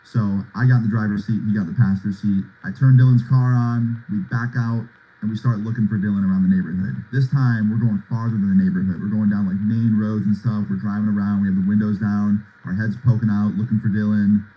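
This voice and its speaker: A man's voice: on the low side, flat delivery, a little fast, warm tone, husky, rough recording. A young man in his twenties telling a story on a livestream in laid-back, slangy talk full of "like" and "bro". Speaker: livestream host.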